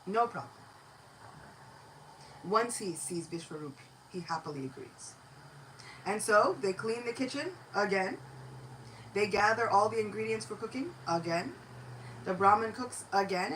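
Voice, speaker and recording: Woman, devotional lecture, storytelling, expressive, animated, mid pitch. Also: measured pace, long pauses, slight background noise, poor audio.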